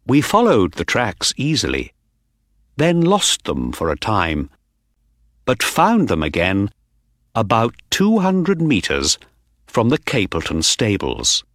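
A man narrating a story for learners in a slow, clear storytelling manner. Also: on the low side, huge pitch swings, a bit bright, no room sound, clean studio sound. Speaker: audiobook narrator.

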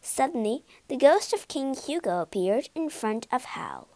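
A woman reading a children's ghost story aloud, lively and expressive, slipping into a whisper now and then. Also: high voice, unhurried, no echo.

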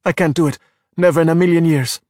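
A man voicing a timid, curious young sea-monster boy who grows excited, in a storybook reading. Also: fairly high pitch, quick pace, no room sound, clean studio sound, pitched above the performer's own voice, lightly acted. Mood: nervous. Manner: anxious, then excited and yelling.

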